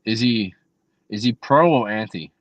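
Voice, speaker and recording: A man's voice: fairly low pitch, expressive, measured pace, dull audio, soft background music. A man with an Australian accent in casual podcast chat, teasing, swearing and laughing often.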